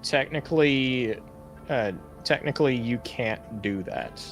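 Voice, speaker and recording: A man narrating a tabletop role-playing game as game master, relaxed and descriptive with many fillers. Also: mid-range voice, takes it slowly, over music.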